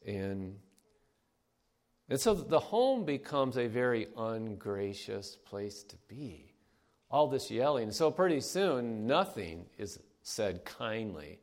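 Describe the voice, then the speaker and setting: Unhurried older man preaching. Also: mid-range voice. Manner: conversational, unhurried, with throat clearing and pauses. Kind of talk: sermon with anecdotes.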